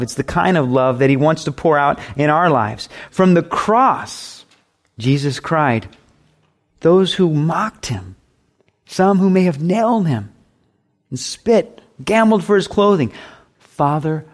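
A man preaching a sermon, swinging from loud emphasis to soft near-whispers and acting out imagined voices in quick asides. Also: medium pitch.

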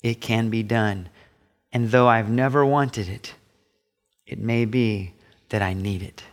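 A man's voice: steady tone, slow pace. Man preaching a sermon, middle-aged, emphatic, voice jumps up for asides. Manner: emphatic preaching, pitch rising sharply on quoted asides. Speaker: pastor.

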